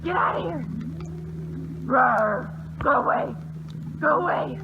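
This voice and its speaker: A young woman hunter yelling loud, repeated commands outdoors in snowy woods, recorded on the phone she holds. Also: high voice, lively intonation, slow pace, lo-fi sound, background noise. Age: young adult. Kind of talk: yelling to scare off an animal. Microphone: phone held while filming.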